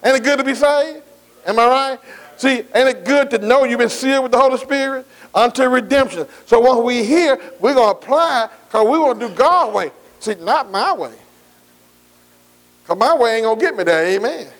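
A man's voice: very high-pitched, moderate pace, a bit bright. A man preaching a folksy sermon, calling out "amen" and asking the congregation for responses. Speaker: pastor.

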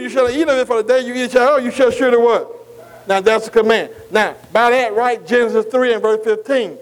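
A man preaching a sermon, who keeps asking his listeners "am I right?" and slowly spells out key words letter by letter. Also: extremely high pitch, rough recording. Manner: asks the congregation "am I right?" again and again.

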